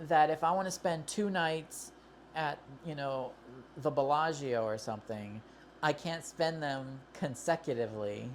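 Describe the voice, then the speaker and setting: Low-voiced woman griping in a casual review vlog, rambling and fed up, faint noise behind her. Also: unhurried. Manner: exasperated, rambling complaints with many restarts. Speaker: credit card reviewer.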